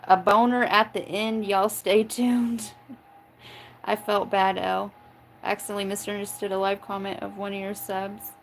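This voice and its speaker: An Oklahoma woman hosts a live tarot stream, reading the chat in a loose, casual way, swearing freely, joking, and laughing often. Her voice is medium-pitched and level, with vocal fry and a moderate pace. The audio is poor, with a little hiss or hum.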